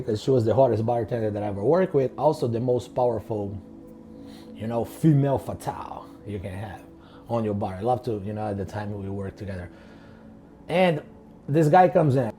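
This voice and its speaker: A man's voice: mid-range voice, warm tone. A man casually telling stories from his bartending work, profane and rambling, full of slang. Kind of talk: casual storytelling.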